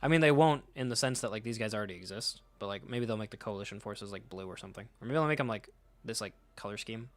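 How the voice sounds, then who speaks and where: A man's voice: lowish voice, fast, dry recording. A man chatting loosely as he flips through comic issues. He jokes, swears easily and often stops to correct himself mid-sentence. His tone stays offhand and unscripted. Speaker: comic book reader and commentator. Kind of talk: casual chat while reading comics.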